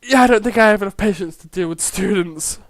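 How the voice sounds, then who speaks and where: A let's play host reading a visual novel aloud, chatting in quick asides and signing off playfully. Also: medium pitch, no echo, studio quality.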